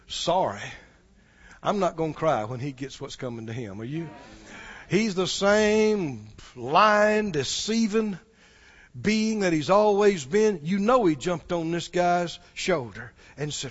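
A man preaching a sermon, moving from hushed storytelling to shouted exhortation and chuckling as he goes. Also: sits high, lively intonation, slow, lo-fi sound.

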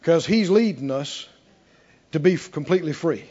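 Male preacher, very animated sermon, keeps asking the church stuff, muffled lo-fi sound. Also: fairly high pitch, normal speed. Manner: animated, emphatic, asks the congregation questions. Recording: dull lo-fi recording.

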